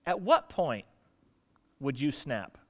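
A man preaching a sermon as pastor, animated, asking rhetorical questions and acting out quoted lines. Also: medium pitch, slow pace.

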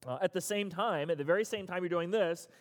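A high-pitched pastor leading a recovery group speaks briskly in an echoey hall. His interactive sermon is emphatic and repetitive, and he keeps coaxing the audience to respond.

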